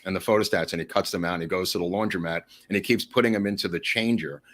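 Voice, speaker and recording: A man chatting as a podcast guest, telling animated, rambling stories to the host. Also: sits low, fast talker. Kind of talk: casual storytelling.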